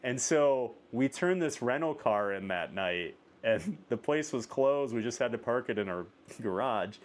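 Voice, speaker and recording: Brief: male podcast host, mid pitch, lively animated storyteller, loose filler-heavy delivery. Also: unhurried. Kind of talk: casual interview chat.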